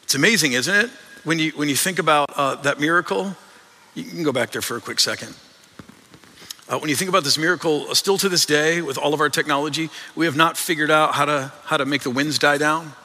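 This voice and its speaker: A man's voice: on the high side, brisk, bright, forceful tone. A man preaching a sermon as a pastor, earnest and conversational, often repeating his words as he goes. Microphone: microphone. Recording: long reverb in a large hall.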